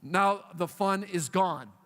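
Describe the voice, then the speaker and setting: A high-voiced man preaches to a room of young people, playful and animated as he acts out whining voices. His words ring out with a long hall reverb. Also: takes it slowly. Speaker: youth pastor. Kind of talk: youth sermon.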